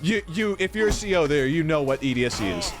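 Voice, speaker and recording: Streamer guy with a higher-than-usual voice, casual and profane, constant "dude"s and "like"s, game music faintly underneath. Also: animated, fast talker. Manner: profane, rambling, peppered with "dude" and "like". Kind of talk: casual storytelling while gaming.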